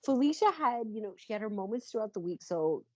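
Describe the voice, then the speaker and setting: A woman co-hosting a podcast in a casual chat, steering the talk along in a relaxed way. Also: medium pitch, brisk, dry recording, muffled recording. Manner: relaxed, wraps up segments. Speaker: podcast co-host. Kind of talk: casual chat about a soap opera.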